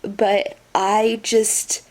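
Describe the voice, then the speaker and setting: A woman's voice: medium pitch, little pitch movement, drawn-out words, darkish tone. A woman book vlogger talking in a casual reading vlog, incredulous and swearing, breaking into laughter often.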